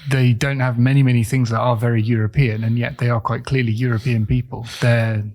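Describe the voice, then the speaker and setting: A man's voice: mid-range voice, little pitch movement, brisk, a little mellow. A man co-hosting a podcast in casual chat, thinking aloud with many fillers as he guesses. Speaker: podcast co-host.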